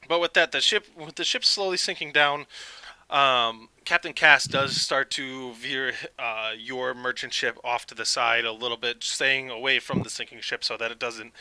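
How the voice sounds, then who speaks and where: A man narrating a tabletop game as game master, relaxed, with many fillers and laughs. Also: mid-range voice, measured pace, clean tone, dry recording, rough recording. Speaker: dungeon master.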